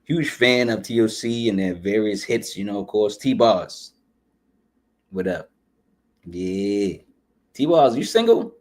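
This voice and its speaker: A man with a fairly low voice talks casually as a podcast host, running through tracks with loose asides and frequent shout-outs. He keeps dropping "you know what I'm saying" as he goes, and his nose is running. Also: lively intonation, takes it slowly, long pauses. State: runny nose. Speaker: podcast host reviewing an album. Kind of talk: casual music review chat.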